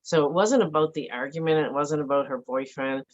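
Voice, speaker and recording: A middle-aged woman giving a halting, emotional personal account as an interview guest, with many fillers and restarts. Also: sits low, highs cut off. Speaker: interview guest, bereaved mother.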